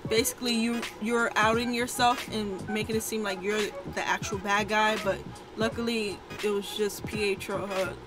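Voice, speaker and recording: A woman's voice: mid-range voice, fairly even intonation, normal speed, over music, low-quality recording. A woman co-hosting a reaction video, recapping an episode in casual, slangy chat.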